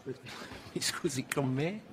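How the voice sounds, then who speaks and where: A man's voice: mid-range voice, lively intonation, slow pace, a bit bright, a little hiss or hum. An actor playing a suave, menacing male Nazi officer in film dialogue, speaking in an elaborate, polished, teasing way. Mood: mock polite.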